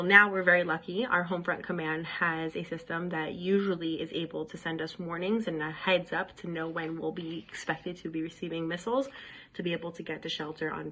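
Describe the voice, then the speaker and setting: A woman in her thirties, speaking to the camera about her own experience in an earnest, steady way. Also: fairly low pitch, poor audio. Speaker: staff member sharing her experience. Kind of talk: direct-to-camera personal account.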